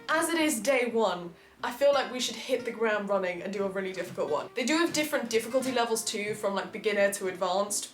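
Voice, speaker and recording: A woman's voice: mid-range voice, echoey room. A woman in her twenties, vlogging casually and mocking herself with frequent laughs. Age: 20s. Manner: chatty, self-mocking, laughs often. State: out of breath while exercising. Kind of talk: casual vlog commentary. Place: home room during a workout.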